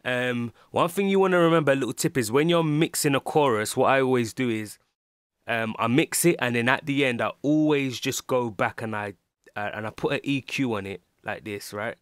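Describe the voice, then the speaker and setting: A man's voice: mid-range voice, moderate pace, a bit bright, clear, resonant tone, dry recording, clean studio sound. A man with a London English accent, a music producer talking through a casual tutorial, rambling with lots of ums and restarts. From England.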